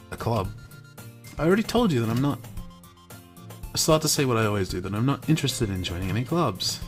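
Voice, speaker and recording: A young adult man, a streamer reading a visual novel aloud live, narrating plainly with wry, deadpan asides. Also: lowish voice, fast, faint music behind.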